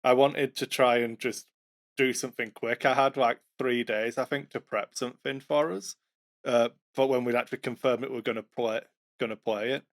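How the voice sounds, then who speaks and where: His medium-pitched voice keeps a fairly even intonation at normal speed. As co-host and game master, he talks loosely about running tabletop games, teasing himself and stumbling through fillers and false starts.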